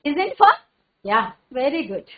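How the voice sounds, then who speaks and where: High, lively Indian woman teacher. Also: a little hiss or hum. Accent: Indian English. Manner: encouraging, repeats phrases, recites tongue twisters fast. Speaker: headmistress teaching an English class. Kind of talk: online classroom lesson. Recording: narrow phone-like sound.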